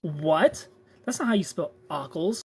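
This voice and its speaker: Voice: medium pitch, lively intonation, unhurried, a little mellow, breathy edge. Chatty live streamer greeting viewers. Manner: chatty and playful, greets viewers by name, laughs often. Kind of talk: casual live-stream chat, reading viewer comments.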